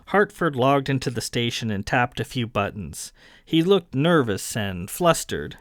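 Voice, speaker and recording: Recorded cleanly in a studio with no room sound, a man narrates a sci-fi audiobook. He reads the script at a steady, measured pace in a medium-pitched voice.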